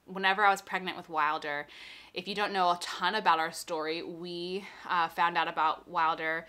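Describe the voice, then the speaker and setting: A woman's voice: lowish voice, little pitch movement, normal speed, pushed and bright, clear, resonant tone. A young pregnant woman, a little out of breath, casually explaining and reassuring as she answers viewer questions.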